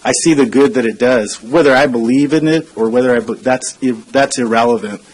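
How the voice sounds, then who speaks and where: At the council chamber podium, a consultant in his forties gives a public comment speech. He sounds earnest and chatty, stumbling through many hesitations and "uh" fillers. His voice is mid-range and fairly quick, and the recording quality is low.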